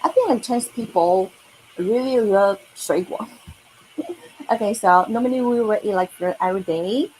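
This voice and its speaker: A woman's voice: medium pitch, expressive, moderate pace, darkish tone, slight background noise, rough recording. A woman teaching a lesson, who repeats words and sentences patiently and checks in with frequent okays and rights. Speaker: Mandarin teacher. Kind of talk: online language lesson.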